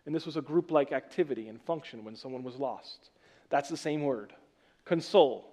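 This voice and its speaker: A man's voice: medium pitch, brisk, a little mellow. A man preaching a sermon as pastor, teaching from scripture with casual joking asides to the congregation.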